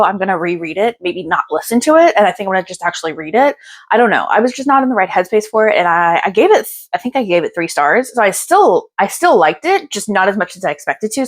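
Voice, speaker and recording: A young woman with a twang talks her way through a stack of new books. She is tired and a bit out of breath, yet she stays chatty and bubbly, gushing over every pretty cover. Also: mid-range voice. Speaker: book vlogger. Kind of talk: casual book haul chat.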